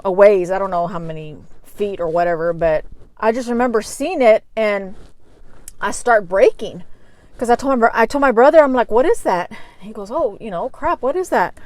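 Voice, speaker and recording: A middle-aged woman, telling a personal story to her viewers in a casual, animated way. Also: a little high, no echo, low-quality recording. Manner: animated, addresses viewers as y'all. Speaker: vlogger.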